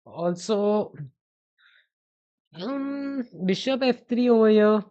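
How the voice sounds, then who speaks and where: A man's voice: a little high, moderate pace. A young man with an Indian accent, streaming chess and thinking aloud through variations while he answers chat in a casual way. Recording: dull, muffled stream audio.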